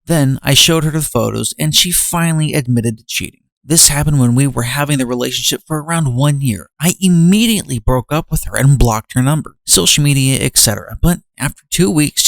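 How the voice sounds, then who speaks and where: A man with a gravelly, creaky voice reads a first-person story aloud at a middling pitch. He stops now and then for exasperated asides of his own. The recording is dry and close, with no room sound. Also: fairly bright tone, dry recording. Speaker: host reading and commenting on online stories. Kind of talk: story reading with commentary.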